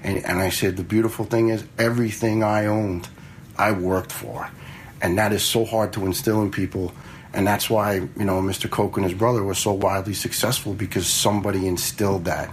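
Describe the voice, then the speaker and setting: A man's voice: on the low side, steady tone, moderate pace, slight background noise, rough recording. A man in his fifties, a retired fire lieutenant, telling stories in a blunt, conversational way with some swearing. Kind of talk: casual storytelling.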